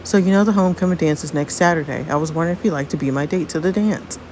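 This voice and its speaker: A woman voicing a gentle, doting teenage boy courting a girl. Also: sits low, very fast, noisy background, natural voice. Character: sweet romantic teenage boy suitor.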